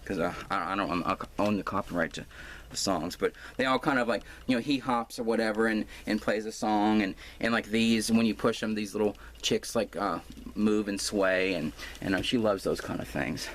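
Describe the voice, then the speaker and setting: A man's voice: fairly low pitch, steady tone, moderate pace, a bit bright. A man chatting casually while he rearranges a room at home, rambling with lots of fillers and restarts and poking fun at himself. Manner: self-deprecating. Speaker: crafting vlogger. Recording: noisy home recording.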